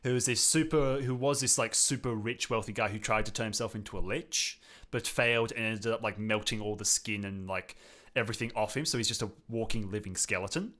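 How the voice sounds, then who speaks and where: An Australian man runs a relaxed live chat, breaking into laughter often. He reads viewers' comments aloud and keeps the talk rambling and friendly. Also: on the low side, brisk. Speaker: show host. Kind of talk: casual livestream chat.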